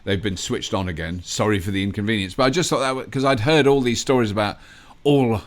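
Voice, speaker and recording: Low-voiced easygoing podcast co-host man. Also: fairly quick. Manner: conversational, agreeable, lots of yeahs. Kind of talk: casual chat.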